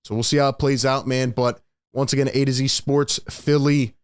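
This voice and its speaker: A man hosts a live halftime reaction stream with emphatic, frustrated energy, often saying his points twice. His voice sits at an ordinary pitch. The sound is dry and close, with no room echo. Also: steady tone, normal speed, smooth. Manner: frustrated, emphatic, repeats himself. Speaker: sports show host.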